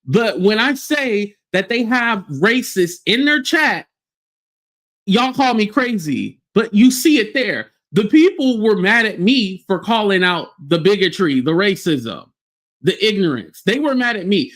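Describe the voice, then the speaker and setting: A man hosting a livestream, giving blunt, heated commentary with swearing and quick acted-out quotes. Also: high voice, very animated, a bit bright.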